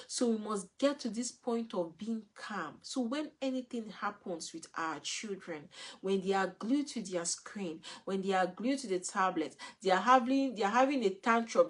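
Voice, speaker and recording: A woman, giving an earnest, repetitive live talk as a parenting coach. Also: medium pitch.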